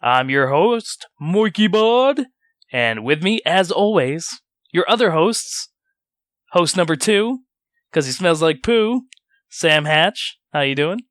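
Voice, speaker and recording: A man's voice: a little high, expressive, takes it slowly, a bit bright, no echo. A man hosting a podcast in casual banter, teasing his co-hosts and giving blunt opinions. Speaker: podcast host.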